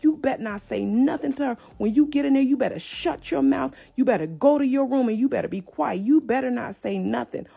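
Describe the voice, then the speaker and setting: Woman doing a controlling dad barking orders, high and gravelly, on a dull lo-fi track. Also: moderate pace, hardly any pauses. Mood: threatening. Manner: scolding, threatening. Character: harsh controlling father, adult man.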